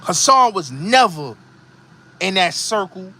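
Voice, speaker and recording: A man's voice: high-pitched, very animated, slow pace, sharp tone. A middle-aged man from the Bronx with a New York accent, hosting a show and ranting in a heated, emphatic, repetitive way. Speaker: host. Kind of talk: heated commentary monologue.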